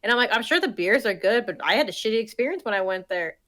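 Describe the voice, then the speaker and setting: A woman's voice: a little high, animated, fast, fairly bright tone. A young woman co-hosting a podcast, chatting in a laid-back way, swearing casually and laughing between lines. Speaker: podcast co-host. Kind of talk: casual chat.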